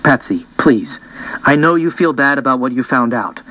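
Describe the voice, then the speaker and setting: A man's voice: medium pitch, expressive, normal speed, sharp tone, no echo, highs cut off. A man voicing a middle-aged mother in an audiobook, composed and matter-of-fact. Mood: firm. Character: mother, middle-aged woman, calm and firm. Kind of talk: audiobook character voice.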